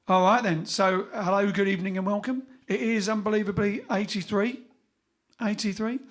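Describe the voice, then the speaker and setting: A man hosting a live music stream, chatting casually and joking between songs. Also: sits high. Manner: chatty, jokey, rambling. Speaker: bandleader and live stream host.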